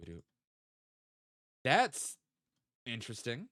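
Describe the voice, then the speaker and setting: A young man from the American South, his voice on the low side, very animated, and a bit bright, talks at normal speed. He chats casually with viewers on a live stream while playing a geography game and thinking aloud. The recording is dry and studio quality.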